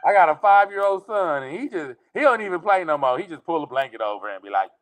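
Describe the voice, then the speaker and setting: Animated laughing man telling comic stories. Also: fast talker, crowd noise. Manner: animated, laughing, jumps into high mock voices for quotes. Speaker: guest. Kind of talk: casual comedic storytelling.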